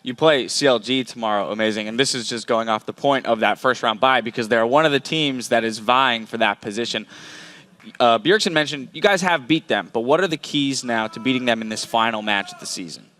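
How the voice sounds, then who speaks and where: A man interviewing players after a match, asking questions in a smooth, conversational way. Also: mid-range voice, fairly quick, pushed and bright. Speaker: esports interviewer.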